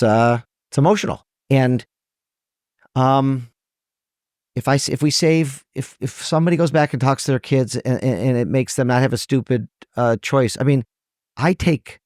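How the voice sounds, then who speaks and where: This middle-aged man from Michigan, USA, a trial lawyer appearing as a podcast guest, speaks earnestly and emotionally and keeps restarting and self-correcting in the conversational interview. His medium-pitched voice has a darkish tone. The recording is dry and studio quality.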